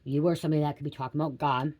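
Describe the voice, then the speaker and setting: A woman's voice: sits low, steady tone, very fast, darkish tone. Rambling woman tarot reader, blunt. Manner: rambling, keeps adding "okay?" to check in; blunt, swears casually. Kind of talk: casual spiritual reading to camera.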